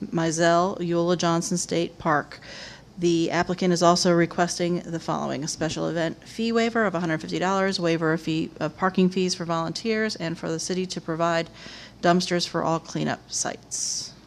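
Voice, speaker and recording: A woman chairing a city commission meeting, reading agenda items and a formal proclamation aloud in a steady, even manner. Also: fairly low pitch, moderate pace, slight background noise.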